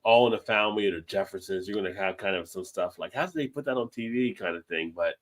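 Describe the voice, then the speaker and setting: A man with a fairly low voice hosts a casual beer-drinking livestream. He rambles in a laid-back way and lets the odd swear word slip. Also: quick pace. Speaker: livestream host. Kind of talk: casual chat over beers.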